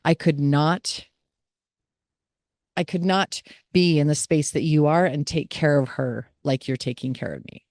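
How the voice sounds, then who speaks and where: A woman voicing her elderly mother as a critical, self-satisfied figure, in a slightly lowered, gravelly voice. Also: a little slow, a little mellow, no room sound, clean studio sound. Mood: grumbling.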